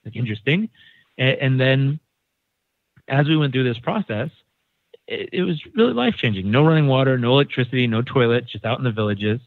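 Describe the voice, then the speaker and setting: Talking fairly quickly in a mid-range voice, a man from San Diego, United States, tells a casual story on a podcast as a guest, bringing its characters to life with acted-out voices. The sound is dry and phone-like.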